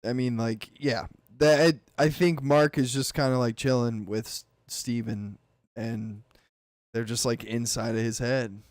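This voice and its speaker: A man's voice: mid-range voice, fairly even intonation, measured pace, no room sound, clean studio sound. A man co-hosting a casual podcast, who laughs a lot, swears freely and breaks into joke voices. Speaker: podcast co-host. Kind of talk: casual chat.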